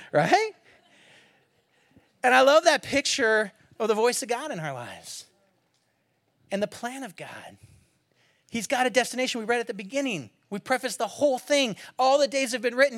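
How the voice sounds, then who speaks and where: A man preaching a sermon in a conversational, animated way, swinging from hushed near-whispers to loud emphatic bursts and asking rhetorical questions. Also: very high-pitched, a little slow, long pauses. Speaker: pastor.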